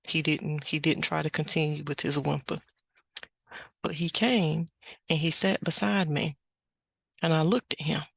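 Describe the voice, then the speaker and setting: A middle-aged woman hosting a podcast, telling a family story in an unhurried, plain-spoken way. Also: low voice, steady tone, creaky, slightly rough, no echo. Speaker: podcast host. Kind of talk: casual spoken reflection.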